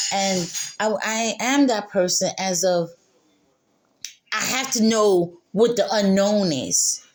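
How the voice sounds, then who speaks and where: A mother talking candidly and emotionally about her faith and healing, repeating herself and laughing through tears. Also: medium pitch. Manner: spiritual, speaks of God and faith. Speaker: mother sharing her story. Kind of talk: candid personal monologue.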